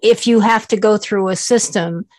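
A woman's voice: mid-range voice, moderate pace, darkish tone. A woman interviewing a guest, pressing with pointed follow-up questions.

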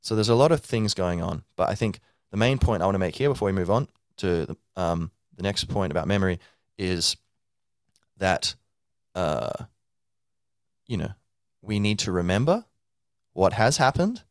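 A man's voice: low-pitched, animated, normal speed, dry recording, studio quality. A man hosting a podcast, talking casually in a loose, rambling monologue full of fillers and restarts. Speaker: podcast host.

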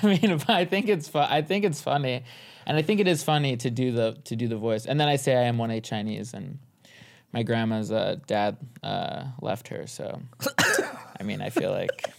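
Young male comedian guest, mid-pitched, hesitant, full of fillers, casual podcast banter. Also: gravelly. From Southern California. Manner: halting, full of fillers and restarts, laughs often.

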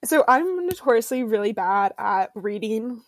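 A woman's voice: a little high, expressive, unhurried, dry recording, studio quality. A woman hosting a book podcast, chatting casually with lots of fillers and giggles. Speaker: podcast host and romance author. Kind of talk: casual chat.

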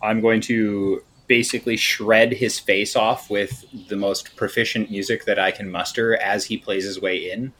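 A man's voice: fairly low pitch, fairly even intonation, normal speed, hardly any pauses, fairly bright tone, a little hiss or hum. A man playing a tabletop game, chatting playfully about his character's actions. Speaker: player. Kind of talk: casual chat during a tabletop game.

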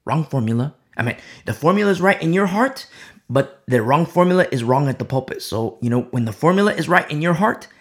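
A woman's voice: deep voice, lively intonation, fairly quick. A woman pastor delivering a sermon emphatically, repeating key phrases and dropping to near-whispers.

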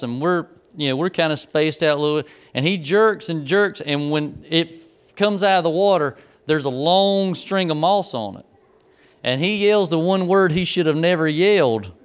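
A man's voice: a little high, clean tone. A man preaching a sermon, telling a folksy personal story before turning to the lesson. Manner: folksy storyteller, grows excited and laughing in the funny parts.

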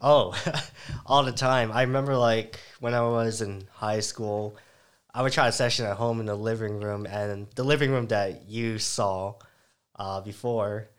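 A man's voice: lowish voice, steady tone, measured pace, clear, resonant tone. A young man in his twenties, chatting casually and laughing often, in a laid-back slangy way. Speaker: guest, breakdancer. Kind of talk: casual chat.

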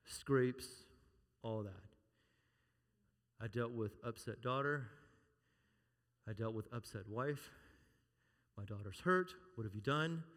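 A middle-aged man preaching a sermon, animated and playful, calling out to the congregation and telling humorous stories from home. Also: medium pitch, slow, pauses often. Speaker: pastor. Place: church sanctuary. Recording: long reverb of a large hall.

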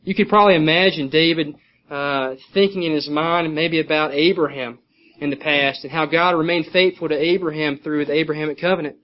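A man's voice: fairly high pitch, fairly even intonation, brisk. Earnest man teaching scripture, dull sound. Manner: earnest, repeats key points for note-taking. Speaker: preacher. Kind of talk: sermon, verse-by-verse Bible teaching.

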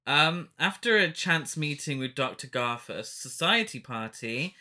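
A man with a bright, crisp voice co-hosts a casual film podcast. He recaps an old movie's plot in a chatty way, breaking into giggles often. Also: a little high, very animated, unhurried. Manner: giggly, retells the plot with frequent laughs. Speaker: podcast co-host. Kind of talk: casual film-review chat.

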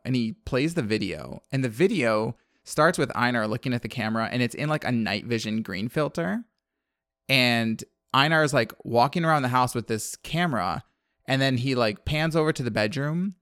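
Animated man recapping a movie. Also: mid-range voice, dry recording, studio quality. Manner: animated storyteller, acts out characters' lines. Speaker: podcast co-host recapping a film. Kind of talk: casual chat.

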